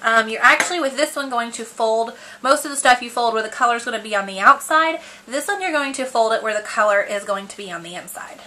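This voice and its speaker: A woman's voice: on the high side, quick pace, few pauses, bright, forceful tone, rough recording. A woman giving a casual crafting tutorial at home, chatty and full of ums and likes. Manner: chatty, many ums and likes, giggles at herself. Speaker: crafter demonstrating a paper box project.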